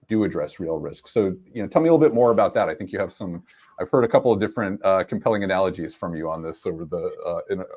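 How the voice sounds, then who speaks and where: Deep-voiced man asking thoughtful questions. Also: a little mellow. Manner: thoughtful, hesitant questioning with fillers. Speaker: interviewer. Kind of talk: conference conversation.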